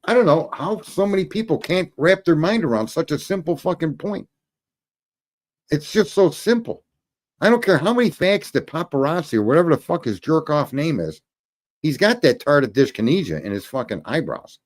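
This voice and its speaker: A man hosts a livestream, ranting with plenty of profanity and scolding the people in his chat in a casual, commentary style. His voice is fairly high with big swings in pitch, and he talks at a moderate pace.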